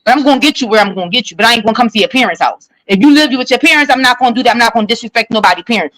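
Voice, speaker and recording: Fast blunt Philly woman. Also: on the high side, expressive, a bit bright, no room sound, low-quality recording. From Philadelphia, USA. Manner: blunt, outspoken. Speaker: live chat participant, a mother. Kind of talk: heated casual chat.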